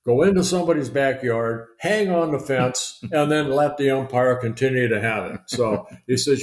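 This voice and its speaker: An older man, a retired pitcher, telling chatty, rambling stories in a podcast interview, full of fillers and restarts. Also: a little mellow. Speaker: guest, retired baseball pitcher. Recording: roomy echo.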